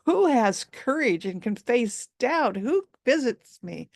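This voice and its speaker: A woman's voice: on the high side, sing-song, slow pace, gravelly, a little mellow, dry recording, studio quality, pitched above the performer's own voice, exaggerated voice. A woman voicing a lonely, mournful dragon. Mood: wondering. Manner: solemn chanting rhymes. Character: lonely, sorrowful old male mountain dragon.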